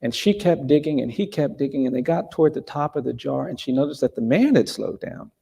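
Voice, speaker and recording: A man speaking as a guest at a live event, telling a story in a measured, deliberate way with pauses. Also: medium pitch, lively intonation, creaky, dark tone, husky. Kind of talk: earnest storytelling in a live conversation. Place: event hall before a live audience.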